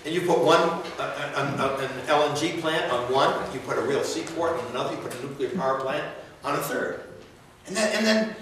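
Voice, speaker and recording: A man's voice: fairly high pitch, a bit bright, slight background noise. A man giving a folksy, rambling campaign speech to an audience at a university, often restarting his sentences. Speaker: political candidate. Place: university lecture room. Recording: echoey room, mic far off.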